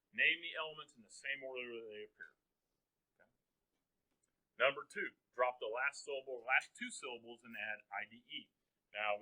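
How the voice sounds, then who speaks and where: Man, teacher lecturing a class; bright, joking, keeps asking students questions. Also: medium pitch, poor audio. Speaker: high school chemistry teacher.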